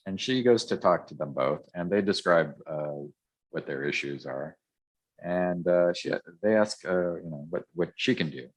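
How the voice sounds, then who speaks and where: Chatting casually into a podcast mic, this co-host walks through a comic recap, rambling and restarting with frequent ums. He sounds low and expressive and talks at normal speed.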